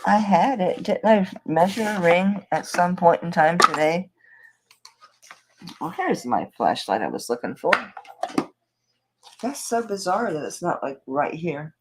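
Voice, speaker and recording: A woman's voice: lowish voice, expressive, measured pace, pauses often, noisy background. A woman from Florida with a Southern US accent, hosting a live jewelry sale and chatting casually while she rambles and talks to herself as she searches her table. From Tampa, Florida, USA. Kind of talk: casual live-stream selling chat.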